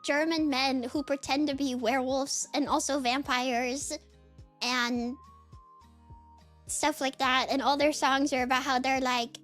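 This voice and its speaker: Young woman streaming, really high voice, chatty and animated, lots of likes and laughs, faint music behind. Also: unhurried. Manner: animated, laughs often, heavy use of "like". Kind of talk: casual livestream storytelling chat.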